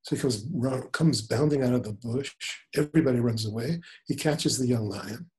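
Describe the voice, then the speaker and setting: A man in his seventies, a spiritual teacher talking in an unhurried, gentle storytelling manner. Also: medium pitch. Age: 70s. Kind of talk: spiritual conversation.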